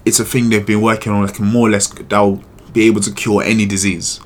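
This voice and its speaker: A man co-hosting a podcast, chatting casually in an animated, slangy way and swearing freely. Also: on the low side, fairly quick. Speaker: podcast co-host. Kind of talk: casual chat.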